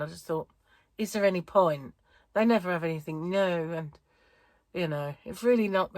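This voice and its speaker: A woman's voice: lowish voice, dry recording. A middle-aged woman with a wheezy chest chatting in a tired, rambling way for her crochet vlog. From United Kingdom. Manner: rambling, chatty, self-interrupting. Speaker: crochet vlogger. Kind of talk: casual chat vlog.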